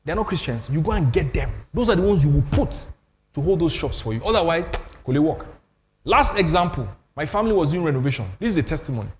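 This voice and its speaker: Speaking fast in a sing-song, slightly high voice, an older Nigerian man hosts a lively church panel on faith. He tells stories with emphasis and pokes fun at himself, with slight background noise in the large hall.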